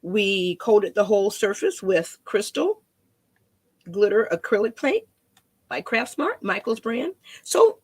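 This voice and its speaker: A woman's voice: medium pitch, sing-song, slow pace, husky. A woman demonstrating a painting craft in a chatty, rambling way, often repeating her words.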